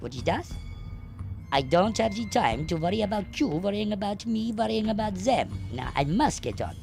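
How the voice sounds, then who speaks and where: Woman voicing a fretful little German Worry Meister, gravelly. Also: mid-range voice, expressive, normal speed, a little mellow, soft background music. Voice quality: exaggerated mock German accent. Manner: fretful, flustered, sing-song. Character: fussy neurotic little male German gnome-like Worry Meister. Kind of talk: adventure game voice acting.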